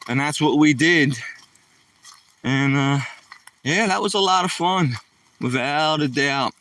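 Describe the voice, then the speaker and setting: A man's voice: a little high, slow, fairly bright tone, dry recording, distant mic. A man from the Philadelphia area telling rambling stories from his past in loose, casual chat, often tossing in "man" and "you know".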